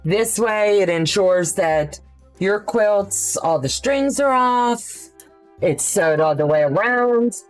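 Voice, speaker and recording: Slow, chatty woman quilting live. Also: mid-range voice, expressive, faint music behind. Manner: chatty, thinks aloud with fillers, answers viewer questions. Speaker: quilting livestream host. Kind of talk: casual live sewing demonstration.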